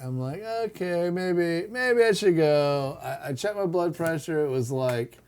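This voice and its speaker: A middle-aged man telling a story in casual chat, animated, laughing and acting out quotes. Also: fairly high pitch, a little slow, smooth. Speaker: podcast co-host telling a story.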